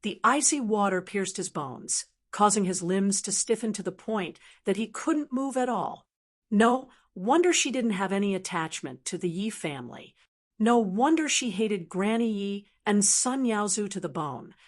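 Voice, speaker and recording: A woman narrating an audiobook with steady, even storytelling. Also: mid-range voice, normal speed. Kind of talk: scripted narration.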